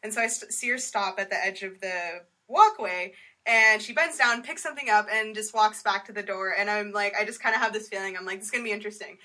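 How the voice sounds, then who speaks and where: Bright, laughing woman telling a story. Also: mid-range voice, quick pace. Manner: animated, laughing, acts out quotes. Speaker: storyteller guest. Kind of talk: casual comedic storytelling.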